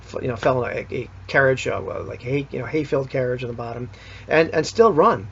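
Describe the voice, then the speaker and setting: Recapping a tabletop game session, this man talks casually, backtracking and rambling with lots of fillers and restarts. He sounds husky and a little breathy, with a medium-pitched, expressive, brisk delivery. The recording is dull and lo-fi.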